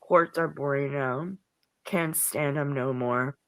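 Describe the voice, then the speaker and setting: Bright, exasperated woman ranting on a stream. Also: very deep voice, fairly even intonation, slow, no echo, low-quality recording. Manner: exasperated, rises sharply when upset, sarcastic. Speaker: livestreamer. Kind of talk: frustrated livestream rant.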